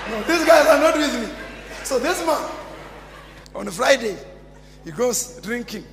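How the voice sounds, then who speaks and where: High-pitched fiery Kenyan pastor, gravelly. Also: male voice, expressive, unhurried, some chatter behind. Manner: fiery preaching, swings from shouts to near-whispers. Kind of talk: sermon. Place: large church hall. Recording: long church reverb.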